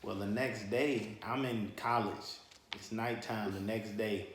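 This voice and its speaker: A man's voice: on the low side, fairly even intonation, unhurried, roomy sound, slight background noise. A young man co-hosting, casually joking and cutting in with his side of the story. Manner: laid-back, interjecting, joking. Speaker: co-host telling their story.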